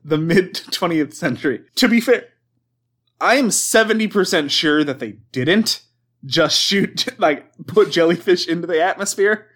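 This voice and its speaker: A man with a slightly higher voice reads a list aloud on a casual podcast. He laughs at his own stumbles and swears when he trips over a word. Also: lively intonation, unhurried, fairly bright tone. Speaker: podcast host reading cryptid lore. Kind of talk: casual chat, reading aloud.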